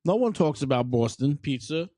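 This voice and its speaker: A man's voice: a little high, animated, normal speed, warm tone, no echo, clean studio sound. A man hosting a podcast in casual chat, blunt, laid-back and profane. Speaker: podcast host.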